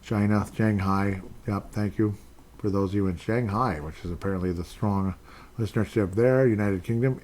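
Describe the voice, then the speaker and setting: A man's voice: fairly low pitch, steady tone, normal speed, darkish tone. A man hosting his own podcast alone, rambling casually and earnestly thanking listeners over and over. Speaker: podcast host. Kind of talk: casual solo podcast chat.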